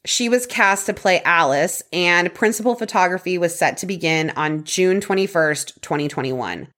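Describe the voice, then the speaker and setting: A woman's voice: on the low side, moderate pace, a bit bright. A woman co-hosting a podcast, casually telling a true crime story from her notes with fillers and light laughter. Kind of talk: casual chat reading prepared notes.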